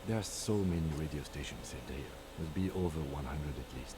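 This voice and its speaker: An actor playing a calm, precise male police lieutenant, speaking in a measured, dry and formal way in a video game. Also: extremely low pitch. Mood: composed. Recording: game audio with clear background noise.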